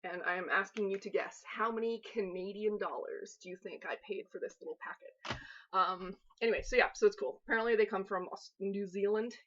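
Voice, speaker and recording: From her home kitchen, a woman hosts a live baking stream, chatting and joking with viewers in a rambling way. Her medium-pitched voice is steady, fairly quick and a bit bright, though the audio sounds dull.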